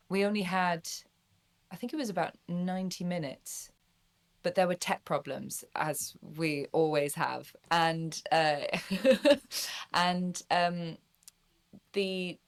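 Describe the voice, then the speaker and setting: Bubbly woman voice actor, chatty. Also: on the low side. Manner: bubbly and chatty, laughs often. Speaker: guest voice actor. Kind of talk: casual interview chat.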